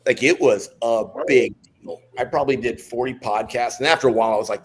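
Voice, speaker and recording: A middle-aged man, a podcast guest, telling stories in a lively, joking way with many restarts. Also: medium pitch, a little fast. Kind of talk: casual storytelling.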